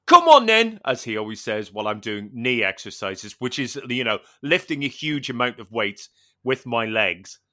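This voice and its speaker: A man's voice: on the low side, normal speed, bright, forceful tone. A man on a casual podcast chat, telling an anecdote and acting out the lines of the people in it. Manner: storytelling, acts out quoted dialogue, swears casually. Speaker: podcast co-host.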